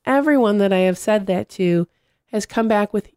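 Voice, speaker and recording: A woman in casual conversation, telling animated stories and acting out what people said. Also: medium pitch, normal speed, clean tone, dry recording, studio quality. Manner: animated storyteller, acts out quotes.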